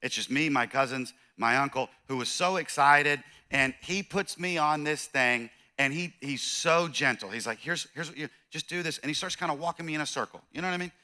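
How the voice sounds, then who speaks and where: A pastor giving a conversational sermon, telling a story with animated, self-deprecating humor. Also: male voice, medium pitch, brisk, few pauses. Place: church.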